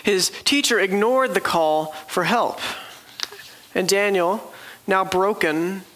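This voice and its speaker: A man's voice: high voice, takes it slowly, a bit bright, low-quality recording. A man preaching a sermon, telling the story earnestly and vividly.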